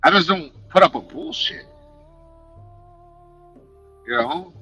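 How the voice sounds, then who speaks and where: Animated, bright-voiced man streaming. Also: on the high side, takes it slowly, husky, soft background music, low-quality recording. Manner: animated, passionate, profane talk. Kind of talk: casual live-stream chat. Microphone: headset.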